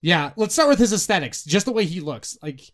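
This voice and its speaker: A young man co-hosting a gaming podcast in casual chat, animated and swearing often. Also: high-pitched, fairly quick. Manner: animated, swears a lot, mocks characters in put-on voices. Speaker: podcast co-host.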